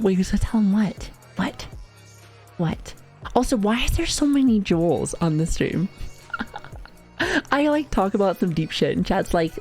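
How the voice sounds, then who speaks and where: Her voice sits on the low side, mellow, with big pitch swings at a normal pace, and soft music plays behind her. A streamer in her thirties, she chats loosely on a livestream, swearing, laughing, packing in "like," and performing her family's quoted lines.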